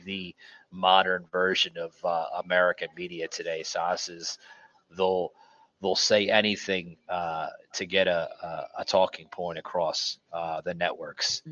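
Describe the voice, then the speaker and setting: Man, very low voice, bright edge, podcast host, halting speech full of fillers, dull lo-fi audio. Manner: hesitant, many fillers and restarts. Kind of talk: casual podcast chat. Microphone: studio mic.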